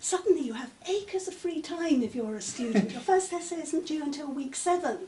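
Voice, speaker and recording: An older woman professor, answering interview questions in a measured, articulate way with frequent pauses. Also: sits high, animated, warm tone. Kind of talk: conversational interview. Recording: echoey room, mic at a distance, faint noise.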